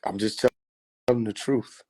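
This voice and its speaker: A man's voice: on the low side, steady tone, a little slow, darkish tone, breathy edge. A man chatting casually on a phone livestream, loose and profane, laughing often. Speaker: livestream host.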